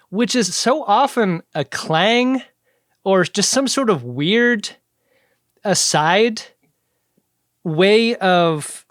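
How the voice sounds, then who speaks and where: High-voiced chatty man on a podcast. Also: no echo, studio quality. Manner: chatty, animated, laughs often. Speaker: podcast co-host. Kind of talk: casual chat.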